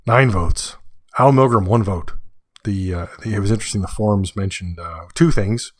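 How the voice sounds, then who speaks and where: A man hosting a casual solo podcast, chatty and rambling, correcting himself and getting excited in asides. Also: fairly low pitch, normal speed, no echo, studio quality. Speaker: podcast host.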